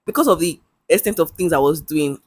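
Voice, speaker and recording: A woman's voice: sits low, expressive, fairly quick, slightly rough, no room sound. Chatty young Nigerian woman vlogging. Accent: Nigerian English. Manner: chatty and candid, with bursts of laughter and local slang. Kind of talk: casual talk to camera.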